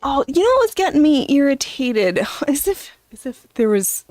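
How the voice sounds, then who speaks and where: A middle-aged woman hosting a casual livestream, rambling and chatting with viewers in a slow, drawn-out way, with soft whispered asides. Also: high voice, very animated, no room sound. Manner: rambling, chatty, reads and answers viewer chat. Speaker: livestream host. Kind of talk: casual livestream chat while sewing.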